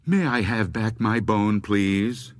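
A man's voice: on the low side, slow pace, dry recording, studio quality. A man voicing an unseen spirit from a graveyard that wants its bone back, pleading at first and then furious. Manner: plaintive, growing angry and loud.

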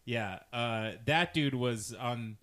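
A man's voice: medium pitch, slow pace, fairly bright tone. A man with a mid-range voice co-hosting a podcast. He chats casually about a TV show, dropping dry, wry asides in between. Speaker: podcast co-host. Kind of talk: casual chat recapping a TV show.

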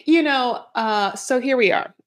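A woman's voice: fairly high pitch, unhurried. A woman co-hosting a podcast, recapping a reality show in loose, rambling casual chat. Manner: loose, rambling, many restarts and fillers. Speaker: podcast co-host.

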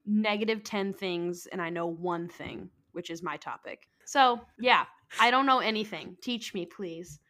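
A woman co-hosts a podcast late at night, teasing her friends with a playful, easygoing manner. Her voice stays at a middle pitch, and the talk is loose and unhurried. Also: a bit bright. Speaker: podcast co-host. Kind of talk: casual chat.

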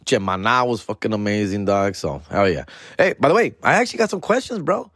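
A podcast host rambles through a story alone at home, full of "fool" and "dog". He is animated and slips into Spanish, doing higher voices for family. The sound is dry and close. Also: fairly quick, no room sound. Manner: slangy, peppered with "fool" and "dog", switches into Spanish. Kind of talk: casual storytelling monologue.

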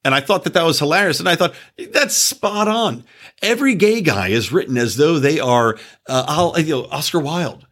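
A man's voice: fairly high pitch, fairly quick. A man hosting a podcast, ranting casually and profanely, often wandering off topic. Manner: animated, profane, digressive. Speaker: podcast host. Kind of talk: casual opinion rant.

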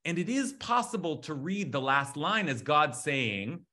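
A man teaching a lively text study class, talking excitedly with frequent restarts. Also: on the high side, a little slow, few pauses.

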